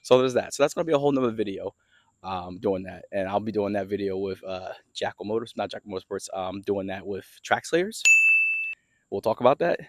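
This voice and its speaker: A man's voice: on the low side, lively intonation, a little fast, darkish tone. A young man telling a casual story in a rambling, laid-back way, filming himself outdoors as he walks around in his yard. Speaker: car vlogger. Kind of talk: casual vlog story time.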